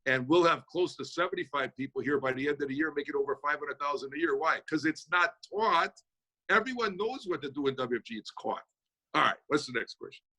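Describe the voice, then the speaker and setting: Fast-talking, bright-voiced man. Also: a little high, breathy edge. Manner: fast-talking, energetic, folksy. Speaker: speaker answering audience questions. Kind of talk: motivational Q&A talk. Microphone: video call.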